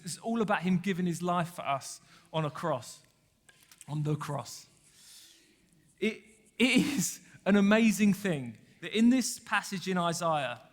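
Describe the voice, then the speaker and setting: A man preaching a sermon, telling stories and asking the congregation questions. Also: high voice. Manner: conversational storytelling, asks the congregation questions. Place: church hall. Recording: long church hall reverb.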